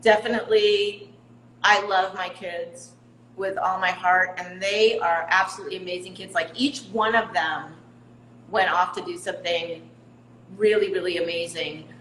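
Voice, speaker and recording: A woman's voice: fairly low pitch, steady tone, normal speed, fairly bright tone, slight background noise. Candid middle-aged woman in an echoey room. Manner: candid, laughs at herself. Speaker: guest. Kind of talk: casual interview talk.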